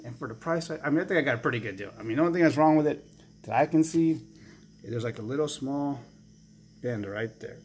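A man's voice: on the high side, quick pace, darkish tone, slight background noise. A man chatting casually to his camera as a comic book collector, enthusiastic and rambling with lots of fillers.

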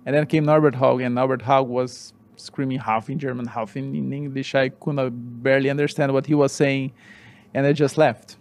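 A man, a former racing driver guest telling his story in halting, animated with many restarts. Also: medium pitch. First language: Portuguese. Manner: animated, halting non-native English with restarts. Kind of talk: interview storytelling.

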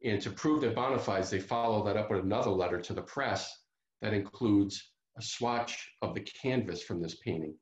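A man with a fairly low voice talks at normal speed, sounding reverberant through a computer mic on a video call. He's giving an author talk, recounting a true crime story with plenty of fillers and restarts.

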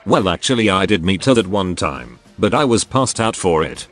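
A man's voice: low-pitched, sing-song, moderate pace, a bit bright, faint music behind. A computer-generated male voice reading crude first-person forum stories straight through. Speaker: narrator.

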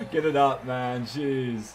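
A young man giving excited, hyped commentary over his own hockey video game, yelling at big plays and joking with crude words. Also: mid-range voice. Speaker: gaming YouTuber. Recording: faint music behind.

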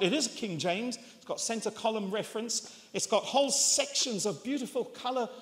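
Older man, preacher, high animated voice, chuckling storyteller, long hall reverb. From England. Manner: chuckling, storytelling, self-mocking. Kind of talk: sermon with personal story. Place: church hall.

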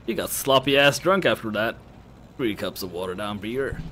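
A man voicing a bitter, stern young woman crocodile who speaks low, cold and clipped. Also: lively intonation, moderate pace, sharp tone, a little hiss or hum. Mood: flat, annoyed.

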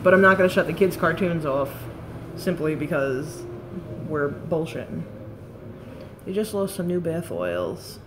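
A woman's voice: deep voice, lively intonation, measured pace, long pauses, background noise. A woman, rambling and swearing casually as she chats on a live stream about beauty products. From Staten Island, New York. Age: late 30s.

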